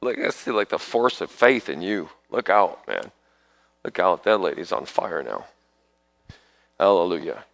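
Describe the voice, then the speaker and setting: A man's voice: deep voice, expressive, measured pace, vocal fry, long pauses, a bit bright, no room sound. A man preaching at an altar call, calling people forward and praying over them in sudden fervent bursts. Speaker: preacher leading prayer ministry.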